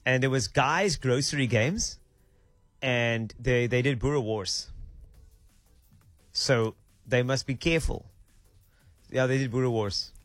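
A man's voice: mid-range voice, fairly bright tone, no room sound, soft background music. Playful South African man, dry studio. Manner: playful, mock-official, drawn-out emphasis. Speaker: radio breakfast show host. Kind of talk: casual on-air banter.

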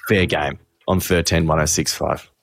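A man's voice: a bass voice, normal speed, creaky. A man hosting a radio show, telling a story in casual banter. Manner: animated storytelling with quoted voices. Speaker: radio host. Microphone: studio microphone.

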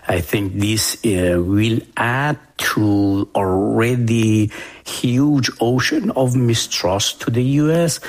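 A man, a former diplomat, answering in a news interview with deliberate, halting phrasing. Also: fairly low pitch. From Iran.

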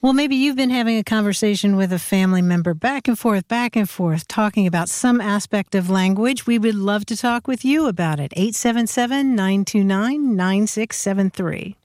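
A woman's voice: mid-range voice, moderate pace, few pauses, a little mellow, dry recording, clean studio sound. A woman co-hosting a call-in radio show about language, chatting in a friendly way.

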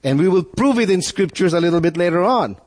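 A man with a high, expressive, slightly mellow voice talks fast as a pastor preaching a sermon. He is earnest and full of rhetorical questions, often repeating words as he builds a point, with long hall reverb on the recording.

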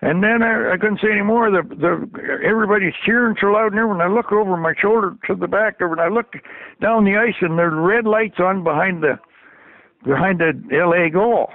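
An older man telling a story in a folksy, animated way, chuckling as he goes. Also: sits high, brisk, dry recording. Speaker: storyteller guest. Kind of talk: casual anecdote on radio. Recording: tinny phone line on radio.

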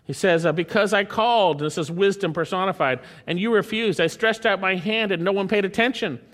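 A man preaching a sermon, emphatic, lifting his voice to quote scripture and dropping it low to drive points home. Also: brisk, fairly bright tone. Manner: emphatic, swings between raised and dropped voice, quotes scripture in a lifted tone.

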